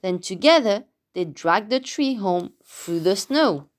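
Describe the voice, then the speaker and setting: A woman reading a children's storybook aloud, expressive and adding sound effects. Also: medium pitch, slow.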